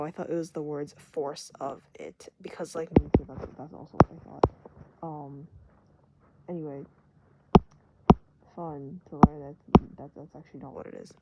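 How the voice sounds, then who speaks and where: A young adult voice chatting while drawing, rambling from one tangent to the next with self-mocking jokes and quick hushed asides. The pitch sits in an ordinary middle range. A loud hiss runs under everything, with clicks now and then. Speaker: vlogger doodling on stream. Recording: loud background noise with clicks.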